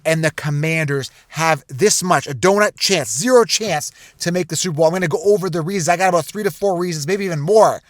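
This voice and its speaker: Male sports host with a raised pitch, recorded dry and close, ranting casually to camera. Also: a little fast, few pauses, no echo. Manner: animated, conspiratorial, repetitive asides. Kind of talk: casual direct-to-camera rant.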